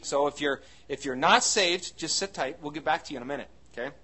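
A man's voice: a little high, a little fast, bright, forceful tone, breathy edge. A man preaching a sermon to his congregation in a folksy, conversational way, with many fillers and asides. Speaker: pastor. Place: church hall before a congregation.

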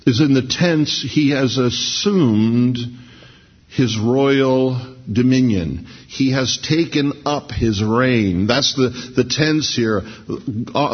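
A middle-aged man preaching a sermon in a conversational, storytelling way, slowing down to read scripture. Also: mid-range voice, slightly rough. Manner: conversational, anecdotal, slows down for scripture reading. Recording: dull lo-fi sermon recording.

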